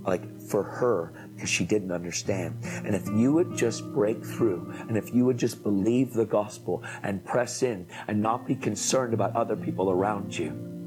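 A man preaching, telling an animated testimony story and acting out the people in it. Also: on the low side, normal speed, over music, rough recording. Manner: animated storytelling, acts out quoted voices. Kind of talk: emotional testimony.

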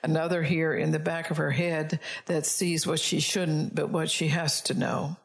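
A woman's voice: low-pitched, level tone, normal speed, gravelly. A woman voicing God as a patient male creator in a told story, in her own earnest preaching voice.

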